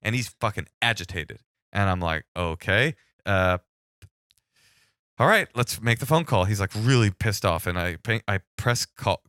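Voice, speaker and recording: A man telling a long story in casual podcast chat, acting out the people in it with lively bursts. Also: fairly low pitch, moderate pace, clean tone, no room sound, clean studio sound. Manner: animated storyteller acting out both sides of calls. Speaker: podcast guest.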